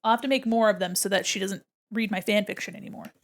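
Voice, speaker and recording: Drawing on stream, a young woman talks casually with her chat, giggles a lot, and reads out what viewers write. She speaks fast, at a medium pitch.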